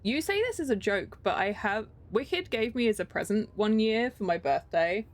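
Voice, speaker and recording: A woman's voice: mid-range voice, expressive, normal speed. A young English woman streaming a game, chatting casually, rambling and giggling between thoughts. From England. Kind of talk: casual live-stream chat.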